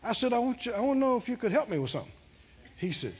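Racing along in an extremely high, husky voice, a man preaches a sermon. He laughs while telling a story and calls out animatedly to the congregation, heard on a dull lo-fi recording.

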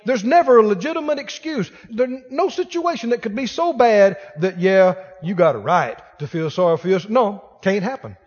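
A man preaches a sermon in a high-sitting, a little mellow voice with lively intonation, at normal speed and with few pauses. He exhorts his congregation emphatically, repeating lines for force as his intensity rises. The sound is dull, with long reverb from a large hall.

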